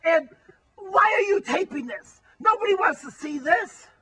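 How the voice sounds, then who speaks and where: A man playing a squeaky whiny camper. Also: expressive, a little slow, exaggerated voice, low-quality recording. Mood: complaining. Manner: whining, complaining, often shouting. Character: whiny, food-obsessed grown man camper. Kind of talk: amateur comedy spoof acting.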